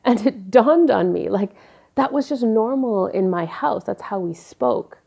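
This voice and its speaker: A woman in her forties speaking candidly to camera, telling personal stories and reflecting slowly and deliberately. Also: medium pitch, expressive, creaky, warm tone, breathy edge. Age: 40s. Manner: candid, storytelling, turns slow and deliberate when reflective. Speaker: vlogger.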